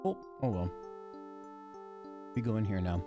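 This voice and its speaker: A man's voice: on the low side, measured pace, music in the background. A man streaming a video game live, rambling casually and talking to himself.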